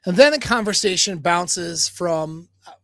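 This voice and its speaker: A man coaching on dating over a livestream, his voice sitting a little high for a man. He rambles through a story and acts out quoted dialogue between his fillers. The sound is close and dry. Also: lively intonation, measured pace, bright, forceful tone, no room sound. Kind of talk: livestream talk, retelling a story.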